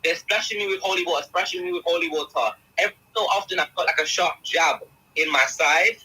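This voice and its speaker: A young man with a husky, strikingly bright voice, giving an intense and agitated first-person account as an interview guest. He sits slightly high for a man. He keeps turning to the host and calling her by name. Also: brisk, low-quality recording.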